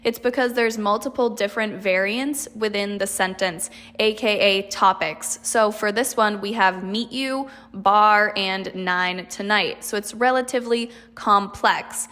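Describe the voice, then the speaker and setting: A woman teaching an accent reduction lesson, speaking clearly and deliberately and demonstrating example sentences. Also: mid-range voice, bright, forceful tone. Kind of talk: scripted instructional lesson.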